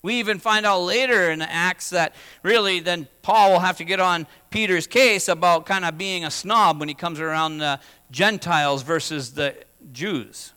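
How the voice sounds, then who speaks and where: Male pastor, high and tense-toned, conversational sermon delivery in a long-reverb sanctuary. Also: moderate pace, few pauses, pushed and bright, clean tone. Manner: conversational, asks the congregation questions.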